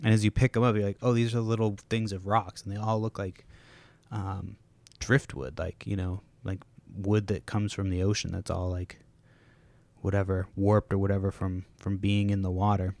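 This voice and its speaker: Guy rambling on his home podcast, kinda low voice, dry close mic, swears a lot, keeps restarting sentences. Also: little pitch movement, normal speed, a little mellow, no echo. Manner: rambling, swears often, self-interrupting with restarts. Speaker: podcast host. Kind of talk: casual solo podcast rambling. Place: home, kids nearby.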